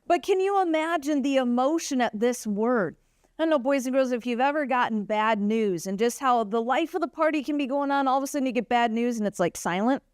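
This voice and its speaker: A woman teaching a children's Bible lesson at church, telling the story with animated expression and acting out the characters' lines. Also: high voice, brisk, clean tone, no room sound, studio quality.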